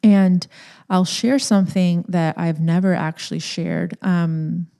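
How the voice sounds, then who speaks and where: A woman's voice: lowish voice, steady tone, slow, warm tone, clean tone. A young woman hosting a podcast, telling a personal story candidly and emotionally, nervous and close to tears, with many "like" fillers. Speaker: podcast host.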